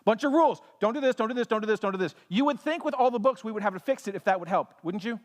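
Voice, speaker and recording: A man's voice: high voice, lively intonation, racing. A man preaching a sermon as pastor, impassioned, with rhetorical questions and bits of humor. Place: church sanctuary. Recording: long church hall reverb.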